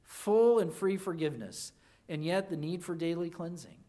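A pastor preaches a sermon at normal speed, swinging between loud emphasis and hushed, low lines and emphatically restarting his phrases again and again.

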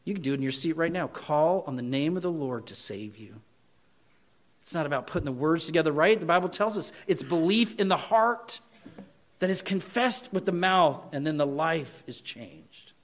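A man preaching a sermon as pastor, swinging between loud, emphatic points and quiet, earnest appeals to his listeners. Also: a little high, expressive, normal speed.

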